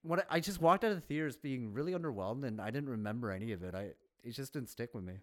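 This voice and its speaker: A man's voice: mid-range voice, lively intonation, a bit bright. Laughing man co-hosting a movie podcast. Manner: laughs often, talks in quick asides. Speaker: podcast co-host. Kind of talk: casual movie review chat.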